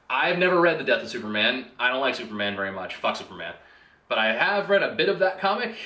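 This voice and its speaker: A man's voice: mid-range voice, bright, forceful tone. A man giving a casual, rant-style movie review in an exasperated, profane and sarcastic way. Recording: roomy echo.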